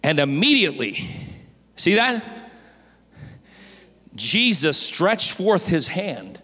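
A male pastor preaching a sermon in a church, impassioned and rising to shouted pleas. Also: high voice, sing-song, takes it slowly, in a large hall.

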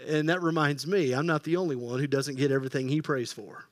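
Male pastor, high voice, animated storytelling sermon, dry close sound. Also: fast talker, dry recording. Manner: animated storytelling, acting out quoted voices, dropping to hushed tones.

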